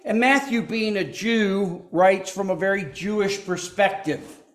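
A man preaching from the pulpit, slow and unhurried, with a fairly high voice for a man. His delivery is folksy, with joking asides to the congregation. The sound rings around a roomy church sanctuary. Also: a bit bright. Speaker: pastor. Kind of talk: sermon. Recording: echoey church.

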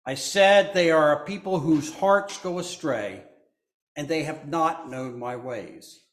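A man delivers a sermon at a slow, unhurried pace, his voice pitched a little above most men's. He reads scripture and breaks off with asides to his listeners. The sound is roomy, with a noticeable echo around him. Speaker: preacher.

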